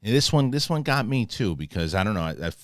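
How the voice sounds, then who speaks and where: Male TV reviewer, very low voice, dry booth sound; casual, salty recapper who rambles and acts out scenes. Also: big pitch swings, no room sound. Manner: profane, acts out scenes in quick paraphrased quotes; rambling with restarts when moved. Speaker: film and TV reviewer.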